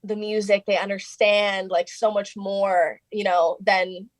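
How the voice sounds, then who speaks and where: A woman's voice: medium pitch, measured pace, no echo. Chatty young woman, dry close sound. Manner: chatty, fillers of "like" throughout, quoting others in lively bursts. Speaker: singer and interview guest. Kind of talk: casual interview storytelling.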